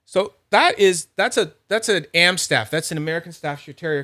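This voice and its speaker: A man's voice: on the high side, brisk, hardly any pauses, pushed and bright. A young man rambling casually about fidget toys, full of fillers and restarts. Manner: rambling, filler-heavy, chatty. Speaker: fidget toy reviewer. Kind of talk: casual unboxing chat.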